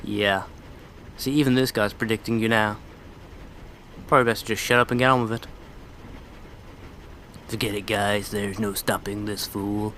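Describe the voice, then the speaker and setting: A man's voice: on the low side, flat delivery, moderate pace, pauses often, fairly bright tone, slight background noise. A man commenting casually on a video game he is playing, with sarcastic, irreverent asides. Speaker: let's play commentator.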